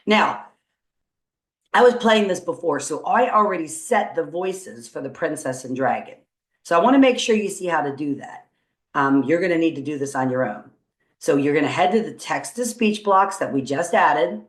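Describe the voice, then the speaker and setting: A woman teacher talks through a coding tutorial in a fairly low voice, upbeat and encouraging as she thinks aloud. The room rings around her with a noticeable echo. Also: animated, moderate pace. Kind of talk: screen-recorded coding tutorial. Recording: roomy echo.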